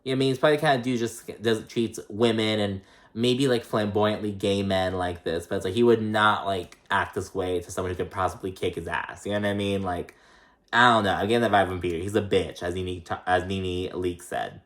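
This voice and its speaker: A man's voice: deep voice, steady tone, brisk, a bit bright. A man giving a loose, chatty recap of a reality show, full of swearing and filler words, sometimes slipping into voices for the people he quotes. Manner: loose, profane, chatty with many "like"s and "um"s; acts out quoted lines in shifting voices. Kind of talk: casual recap commentary.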